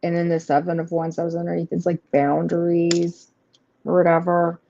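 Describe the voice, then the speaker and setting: Her delivery is completely flat, her voice fairly low, gravelly, and dark, at a normal speed. She's hosting a live tarot reading, chatting casually and rambling through the cards with plenty of fillers while reassuring viewers directly. The recording is slightly muffled stream audio with faint background noise.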